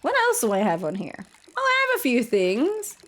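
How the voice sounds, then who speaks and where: A woman's voice: on the high side, wildly swooping pitch, moderate pace, fairly bright tone. A woman streamer chatting casually with her viewers, playful and jokey, giggling at her own jokes. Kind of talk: casual live-stream chat.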